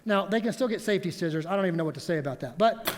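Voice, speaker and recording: High-voiced male pastor preaching. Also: rapid-fire. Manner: animated storytelling with props. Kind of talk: sermon. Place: church sanctuary. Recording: long reverb of a church hall.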